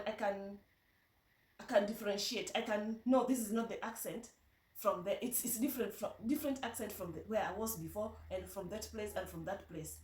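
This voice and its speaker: A woman with a Luo accent talks through a casual vlog in a slightly high voice, telling stories in a chatty, halting way. She sits some distance from the microphone in a reverberant room. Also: a little mellow. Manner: chatty storytelling, halting with restarts. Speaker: vlogger.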